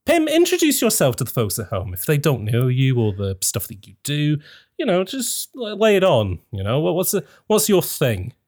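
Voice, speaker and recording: A man hosting a casual podcast chat, rambling and animated, with lots of fillers and restarts. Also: a little high, moderate pace. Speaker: podcast host.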